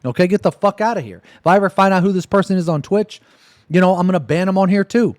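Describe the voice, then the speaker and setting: A man's voice: high voice, quick pace, a little mellow, no echo, studio quality. A man, a streamer ranting on a livestream in a profane, exasperated and sarcastic way. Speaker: Twitch streamer.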